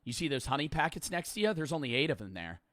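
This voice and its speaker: A man's voice: a little high, sing-song, quick pace, a bit bright, dry recording. A young man streaming, reacting to a prank video with blunt, jokey, foul-mouthed commentary on a close mic. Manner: blunt, swears freely, jokey.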